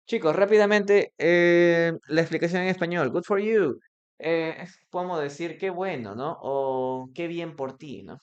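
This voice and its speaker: An English teacher from Peru, giving a casual bilingual lesson and acting out short example dialogues, often tagging explanations with "no?". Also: medium pitch. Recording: slightly dull lo-fi recording.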